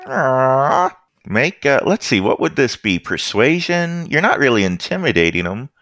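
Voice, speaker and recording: A man narrating as game master of a tabletop game, easygoing and halting, with many fillers. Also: sing-song, fairly bright tone, dry recording, clean studio sound. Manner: easygoing, halting with fillers, brief squeaky voices for side characters.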